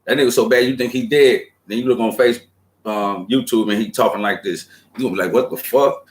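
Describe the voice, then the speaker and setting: A man's voice: lowish voice, quick pace, slight background noise. Streetwise man preaching, roomy echo. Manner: streetwise preaching, profane, animated quotes. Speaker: show host. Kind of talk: casual spiritual monologue.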